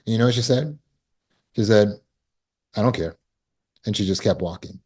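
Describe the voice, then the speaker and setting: A man's voice: fairly low pitch, brisk, mellow, slightly rough. A man coaching on trauma recovery in a casual talk, telling stories and acting out quoted people with big jumps in his voice.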